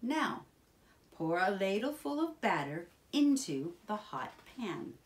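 A woman voicing a patient mother giving calm instructions in a children's storybook reading. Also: mid-range voice, slow pace. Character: patient, practical mother guiding her son.

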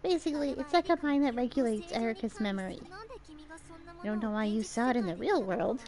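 Streaming a game, a young woman with a slightly high, darkish voice speaks briskly. She voices the game's dialogue in a range of characters and adds offhand remarks in between.

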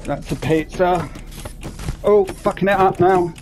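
A man's voice: sits high, unhurried. A man giving casual, sweary commentary while playing a VR game and talking to himself. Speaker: gaming commentator. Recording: clear background noise.

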